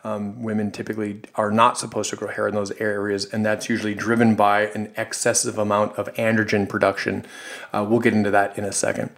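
A man co-hosting a health podcast, speaking in a halting way with many fillers as he agrees and adds points. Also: fairly low pitch, level tone, creaky, a bit bright. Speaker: podcast co-host, health practitioner. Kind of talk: casual health podcast discussion.

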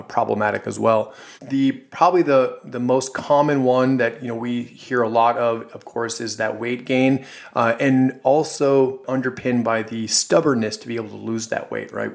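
Man, low gravelly voice, monotone, halting podcast co-host, lots of fillers. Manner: halting, filler-heavy, agreeing. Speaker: podcast co-host, health practitioner. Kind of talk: casual health podcast discussion.

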